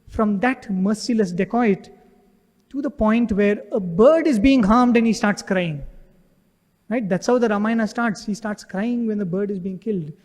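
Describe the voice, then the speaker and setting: High-voiced man giving an echoey devotional talk. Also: moderate pace, a little mellow. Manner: earnest storytelling, frequent rhetorical "right?". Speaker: devotional speaker. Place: devotional center hall. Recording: echoey hall with long reverb.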